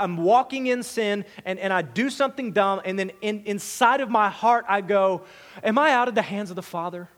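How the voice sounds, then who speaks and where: High-voiced man preaching in a hall. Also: a bit bright. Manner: emphatic, conversational preaching with repeated words. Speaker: pastor. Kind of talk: sermon.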